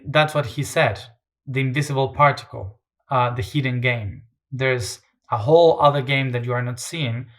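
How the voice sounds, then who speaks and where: A man's voice: medium pitch, fairly bright tone. A man speaking as an interview guest, talking in a reflective, hesitant way with many fillers and restarts.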